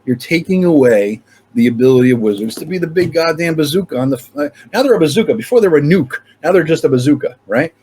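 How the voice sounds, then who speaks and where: A man's voice: fast, a little hiss or hum. A man hosting his own channel, talking casually and swearing freely as he rants. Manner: profane, animated ranting with sudden pitch jumps. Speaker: channel host. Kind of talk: casual ranting chat.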